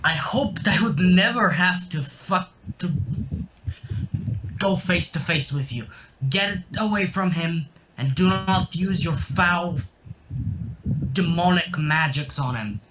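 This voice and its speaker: A man's voice: high-pitched, slow, noisy background, voice pushed up. A man playing a hostile, distrustful young swordsman. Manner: angry, accusing, swears.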